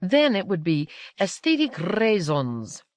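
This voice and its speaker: A woman reading the part of an older aristocratic woman, curious and a bit haughty, with a lively, inquisitive delivery. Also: fairly low pitch, fairly quick, no room sound, pitched above the performer's own voice. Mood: playful.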